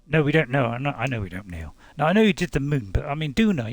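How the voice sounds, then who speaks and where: A man's voice: on the high side, big pitch swings, racing, vocal fry, few pauses, no room sound. A middle-aged man, casually commentating on gameplay in a rambling, chatty way with chuckling asides. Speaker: gaming channel host.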